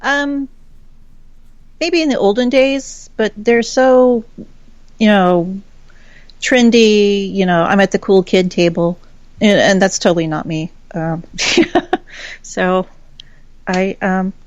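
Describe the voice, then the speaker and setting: A woman's voice: mid-range voice, steady tone, slow, long pauses, dry recording. A woman from Texas, a guest in a casual chat, telling stories with lots of laughs and acted-out quotes. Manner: chatty storyteller, laughs often, acts out quoted voices. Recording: dull lo-fi call audio.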